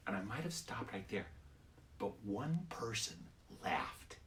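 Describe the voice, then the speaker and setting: A man telling a story to children, talking to the listener in a confiding hush. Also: on the low side, sing-song, slow. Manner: conspiratorial, drops to a hush. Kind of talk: oral storytelling.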